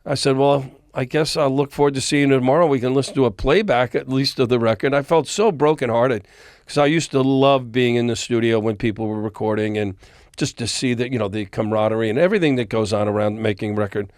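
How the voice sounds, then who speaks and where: A man's voice: mid-range voice, fast, no room sound, clean studio sound. A man, a music industry veteran, telling stories as a podcast guest and acting out the dialogue of the people in them. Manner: animated storyteller, acts out quoted dialogue. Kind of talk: storytelling interview. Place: recording studio.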